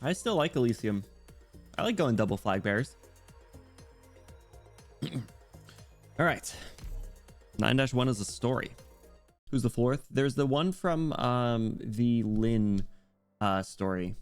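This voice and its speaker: A man's voice: medium pitch, slow, pauses often, faint music behind. Playful British man streaming. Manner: rambling and playful, frequent throat clearing. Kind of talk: casual live-stream chat while reading game dialogue.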